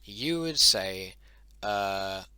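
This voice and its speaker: A young man casually explaining a language as a hobby lesson, halting often with fillers and correcting himself as he goes. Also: fairly low pitch, animated, sharp tone, clean tone, no echo. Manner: halting, many fillers and self-corrections, mutters "oh, damn".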